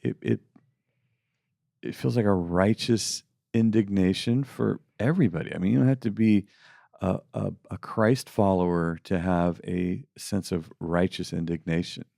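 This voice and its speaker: A man's voice: low voice, moderate pace, gravelly, dark tone, no echo, studio quality. A middle-aged man co-hosting a faith podcast, talking casually and putting on mocking voices when he quotes people. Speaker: podcast co-host.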